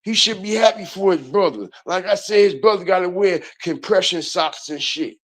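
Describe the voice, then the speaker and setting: A man's voice: high-pitched, moderate pace, a bit bright. A man hosting an online commentary video, ranting in a heated, profane way and repeating his points.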